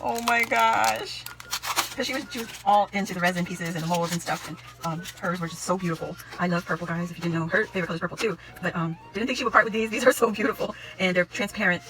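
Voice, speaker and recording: A woman chatting to camera as she unboxes a gift, gushing and excitable, often exclaiming in delight. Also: fairly low pitch, racing, few pauses, background noise. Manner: gushing, excitable, repeats "oh my gosh". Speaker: craft vlogger opening a gift package. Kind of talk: casual unboxing chat to camera.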